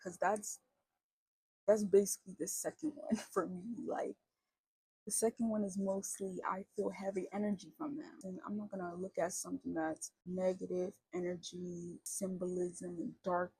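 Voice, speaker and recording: A woman's voice: fairly low pitch, little pitch movement, moderate pace, creaky, warm tone, husky, dry recording, poor audio. A young woman YouTuber talking in a rambling, conversational way to her channel. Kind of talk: casual vlog talk.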